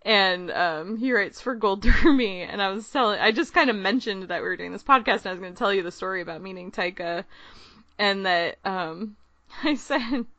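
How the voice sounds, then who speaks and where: A woman co-hosting a podcast, telling a long, excited story in casual chat, rambling and laughing often. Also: medium pitch, normal speed, dry recording, dull audio. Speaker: podcast co-host.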